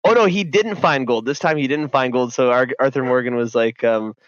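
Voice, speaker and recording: A man's voice: mid-range voice, fairly quick, no room sound. Rambling man on a dull, dry line. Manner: rambling, profane storytelling with many fillers. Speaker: podcast co-host. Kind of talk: casual chat about video games.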